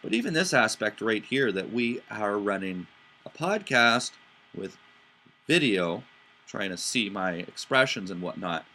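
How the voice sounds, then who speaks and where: A man hosts a podcast and explains things in a loose, conversational way. His voice sits low but comes across bright and forceful. He is animated, often doing quick voices and inflections, and trips into restarts along the way. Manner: animated, acts out voices and inflections to make points; frequent fillers and restarts. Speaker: podcast host. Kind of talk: casual explanatory talk.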